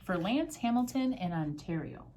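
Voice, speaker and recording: A woman from a school staff reading a Halloween storybook aloud with an expressive delivery. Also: on the low side, moderate pace, creaky, noisy background.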